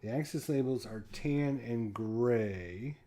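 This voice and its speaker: A man's voice: mid-range voice, takes it slowly, dark tone. A man unboxing a board game, casually thinking aloud to himself and counting pieces under his breath.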